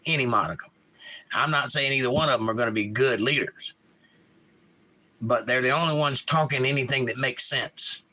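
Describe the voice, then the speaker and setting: This livestream host has a medium-pitched voice that sounds pushed and bright, moving at normal speed. Hosting casually, he offers blunt opinions and answers chat, reading messages out and arguing back.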